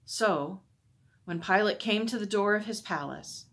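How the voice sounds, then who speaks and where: A woman on a church staff reading a Bible story aloud to children, expressive and asking wondering questions. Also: mid-range voice, unhurried.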